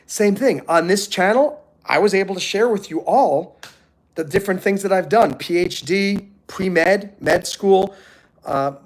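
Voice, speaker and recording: A middle-aged man on a motivational live stream, telling animated stories and acting out the people he quotes. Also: high voice.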